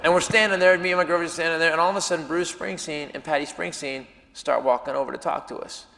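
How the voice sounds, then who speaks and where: A stand-up comedian telling a story on a live stage, loud and animated, dropping to mumbled self-talk. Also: male voice, a little high, fast, vocal fry. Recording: live hall reverb with audience noise.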